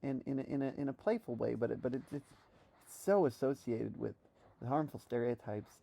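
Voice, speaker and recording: A woman from New York thinking aloud in a reflective solo monologue, halting with many restarts while she practices a trained voice. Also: a bass voice, vocal fry, mellow. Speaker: vlogger.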